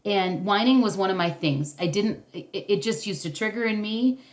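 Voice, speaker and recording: A woman's voice: medium pitch, moderate pace. Encouraging woman leading a parenting class. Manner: encouraging, loose with many restarts and fillers. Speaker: parenting workshop facilitator.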